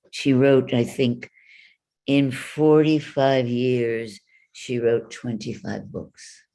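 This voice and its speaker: A woman teaching speech over a video call, slowly demonstrating vowels and consonants with drawn-out sounds. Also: extremely low pitch, darkish tone.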